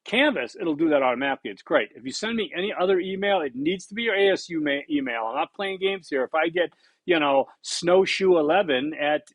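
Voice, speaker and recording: Animated and fairly quick, a slightly high-voiced instructor in his sixties gives a blunt, conversational college lecture on tape, hammering points through repetition. No room sound is audible.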